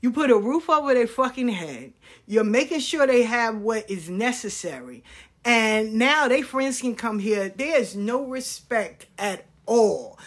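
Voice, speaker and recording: A woman's voice: high voice, a bit bright. A woman in her fifties telling stories in a casual, blunt, profane way, acting out the people she quotes. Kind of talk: casual storytelling rant.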